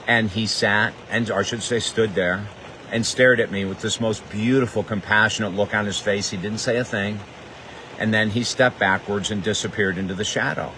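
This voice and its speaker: A man's voice: on the low side, steady tone, normal speed, pushed and bright, slight background noise, rough recording. An older man and grief counselor telling a personal story in an earnest, emotional way, often repeating phrases for emphasis.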